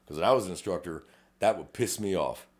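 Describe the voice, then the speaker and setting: Fast-talking blunt Texas lawman. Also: sits low, animated. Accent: South Texas. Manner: blunt, profane, rapid-fire, acts out quoted exchanges. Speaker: podcast co-host, police officer. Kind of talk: casual chat.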